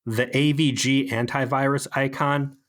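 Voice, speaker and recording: Male podcast co-host, mid-pitched, sarcastic and rambling, casual chat. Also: flat delivery, measured pace, a bit bright. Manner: rambling, sarcastic, lots of fillers.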